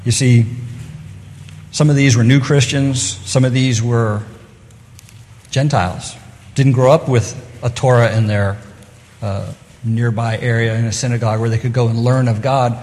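A man's voice: mid-range voice, steady tone, moderate pace, long pauses, a little mellow. A middle-aged man preaching an evening sermon in an earnest, conversational way, now and then acting out the voices he quotes. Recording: long hall reverb.

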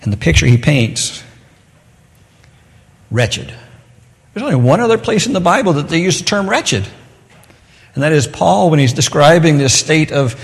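A man preaching a sermon in a casual, talky way, turning loud and emphatic when he reads scripture aloud. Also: on the high side, expressive, moderate pace, long pauses. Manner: conversational, switching to loud emphatic scripture reading. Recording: long echo of a large hall.

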